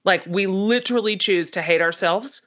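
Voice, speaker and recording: A woman's voice: medium pitch, moderate pace, a bit bright. A woman co-hosting a podcast who encourages her guest and affirms what she hears. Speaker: podcast co-host. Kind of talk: supportive conversation.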